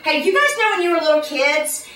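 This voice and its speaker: A woman with a Southern accent doing a stand-up set, delivering quick sardonic punchlines and mocking voices for the people she quotes. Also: high-pitched, big pitch swings, crowd noise. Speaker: stand-up comedian. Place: comedy club stage. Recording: roomy club sound from far off. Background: audience laughter.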